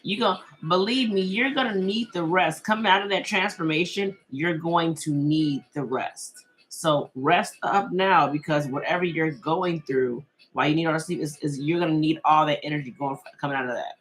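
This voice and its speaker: A woman's voice: deep voice, moderate pace, hardly any pauses, a little hiss or hum. A middle-aged woman hosting a casual live-stream tarot reading, chatty and reassuring, reading viewer comments aloud and laughing often.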